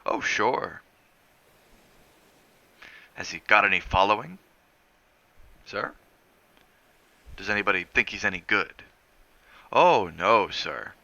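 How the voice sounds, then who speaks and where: A man voicing a pious, evasive middle-aged island cab driver who speaks slow, broken English. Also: lowish voice, gravelly, sharp tone, no echo, lo-fi sound, full character voice.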